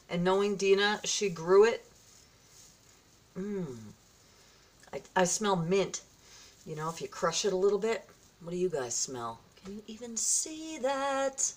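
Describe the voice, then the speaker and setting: Woman, vlogger, casual chat to camera, effusive, gushing, gasps and exclaims, slow unhurried delivery. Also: medium pitch. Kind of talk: casual vlog, opening gifts from a viewer.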